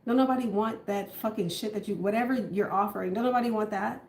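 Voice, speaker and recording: A woman's voice: mid-range voice, fast, darkish tone. A woman giving a casual tarot reading in a blunt, outspoken, profane manner. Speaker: tarot reader. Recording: roomy echo.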